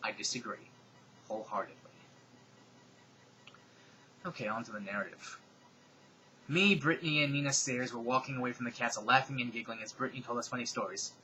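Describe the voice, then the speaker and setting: A man reading fan fiction aloud in a comedic, dramatic style. He cuts in with deadpan, sarcastic remarks. His voice is bright and crisp over faint room noise. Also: mid-range voice, quick pace, lo-fi sound.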